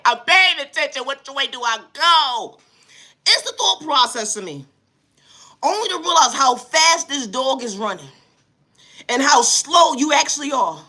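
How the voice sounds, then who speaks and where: A high-pitched woman with a New York City accent rants comically about a story, animated and slangy, her exasperation punctuated by the same catchphrases again and again.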